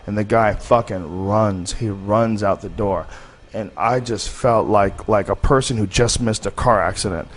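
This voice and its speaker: Man, lower pitch, casual podcast storytelling, candid, profane, rambling. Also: steady tone, measured pace. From United States. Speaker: podcast host.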